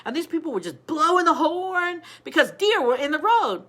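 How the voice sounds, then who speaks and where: An earnest twelve-year-old girl, as her grandmother puts her on, speaking in a high, serious voice with indignant conviction. The woman pushes her own voice well above her usual pitch to play her. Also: very animated, moderate pace, fairly bright tone, exaggerated voice.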